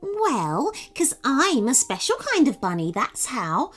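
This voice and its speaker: A woman's voice: sits high, huge pitch swings, takes it slowly, fairly bright tone, faint music behind, full character voice. A woman voicing a cheerful, boastful male magic bunny in a storybook, chirpy and bouncy.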